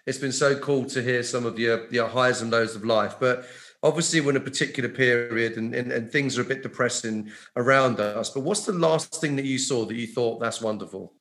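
A man's voice: mid-range voice, brisk, a bit bright. A man co-hosting a podcast, encouraging his guest and leading into questions. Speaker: podcast co-host. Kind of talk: podcast interview.

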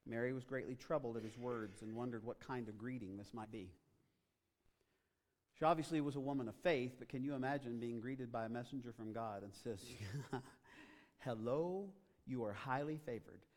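A male pastor delivers a sermon with a mid-range voice, building to loud, emphatic stretches. The sound carries the long reverb of a large church auditorium, and he talks straight to his congregation. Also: mid-range voice, a little fast. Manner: dramatic, rising to loud emphatic passages.

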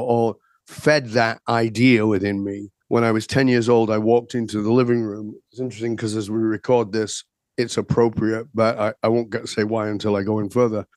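A man's voice: on the low side, a little mellow, no room sound, clean studio sound. Reflective older man from Northern England. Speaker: guest. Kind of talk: storytelling in a podcast interview.

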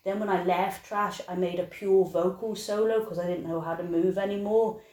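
A woman's voice: lowish voice, steady tone, moderate pace, warm tone. A woman choreographer talking candidly in an interview, telling stories and acting out quoted voices. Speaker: choreographer and dancer. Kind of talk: casual interview talk. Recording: echoey room.

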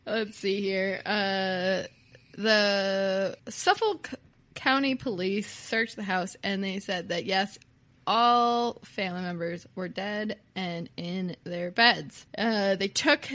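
A woman's voice: mid-range voice, takes it slowly, fairly bright tone. A woman co-hosting a podcast, telling a true-crime story in casual chat and laughing often. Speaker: podcast co-host.

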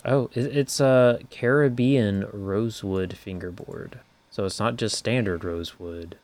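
A man's voice: fairly low pitch, measured pace, darkish tone. A man co-hosting a casual gear podcast, laid-back and easygoing, giving short replies. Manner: laid-back, brief replies, chuckles often. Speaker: podcast co-host. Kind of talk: casual chat about guitar gear.

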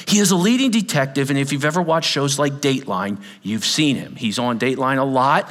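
A man preaching a sermon to a large congregation, dramatic, swinging from loud cries down to whispers. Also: on the high side, big-room sound. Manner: dramatic, shifting from shouts to whispers. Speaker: pastor. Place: large hall with an audience.

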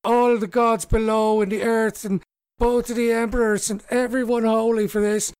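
A man's voice: very high-pitched, level tone, normal speed, darkish tone, clean tone, voice pushed up. A man voicing a cowardly male rat thief, weeping and pleading dramatically. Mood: gushing relief.

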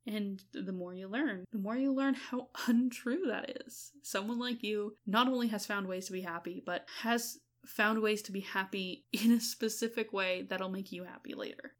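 A woman co-hosting a casual podcast, swinging between soft reflective musing and loud, laughing excitement. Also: medium pitch. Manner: uses y'all, laughs often. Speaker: podcast co-host.

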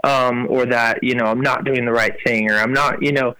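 A man's voice: medium pitch, normal speed, smooth, no room sound, poor audio. A young man, a worship musician, telling his story as a guest in a casual chat, full of fillers and acted-out quotes. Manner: animated, lots of fillers, acts out quotes.

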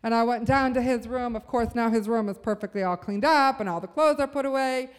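A woman's voice: a little high, brisk, smooth, long reverb tail, faint music behind. A woman giving a sermon at a church service, telling a personal story and building to a fervent call to the room. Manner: earnest, storytelling, rising to fervent.

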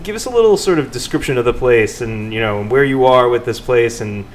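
A man's voice: mid-range voice, expressive, fairly quick. A man hosting a podcast in a casual, chatty, upbeat way, joking as he goes. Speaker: podcast host.

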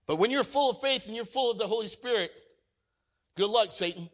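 A man preaching a sermon, energetic and emphatic, swinging from loud exclamations to quiet asides and acting out quoted lines. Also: sits high, a little fast. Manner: acts out quoted voices and jokes with the congregation. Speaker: pastor.

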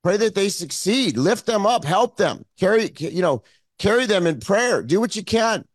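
A man preaching with fervor in a high voice, heard dry and close with no room echo. He repeats his phrases and sounds emotional as he pleads. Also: sing-song, moderate pace. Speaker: pastor. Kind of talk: sermon.

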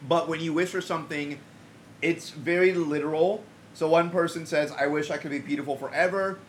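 A man's voice: on the high side, fairly even intonation, a little fast, a little hiss or hum. A man co-hosting a casual movie review podcast, joking and rambling with plenty of fillers. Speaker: podcast co-host.

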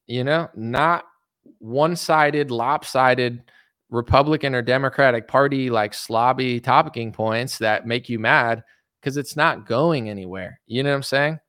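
Animated ranting man, dry close mic. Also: medium pitch, dry recording. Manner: rapid, animated ranting with mocking put-on voices. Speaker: political commentator. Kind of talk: casual political rant.

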